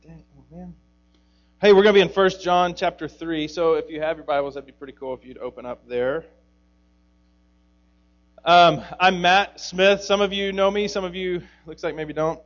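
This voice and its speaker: A man in his thirties preaches casually to a young crowd, rambling and cracking jokes with many fillers. His voice sits a touch higher than most men's. The recording sounds dull and lo-fi. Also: fairly even intonation, moderate pace, fairly bright tone. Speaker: youth pastor. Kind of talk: casual sermon to a youth group.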